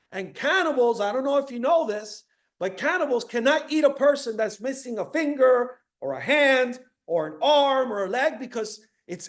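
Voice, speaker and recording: A man from Miami giving a high-energy motivational talk to an audience, repeating key phrases and asking the crowd questions. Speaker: motivational speaker.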